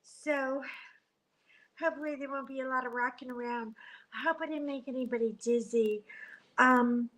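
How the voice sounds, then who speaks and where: A middle-aged woman chatting casually on a livestream from a hotel room, animated, joking and gasping as she talks into a tablet. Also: sits high, normal speed, pauses often, rough recording. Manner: chatty and animated, jokes and gasps. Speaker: livestream host. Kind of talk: casual live chat. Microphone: tablet camera.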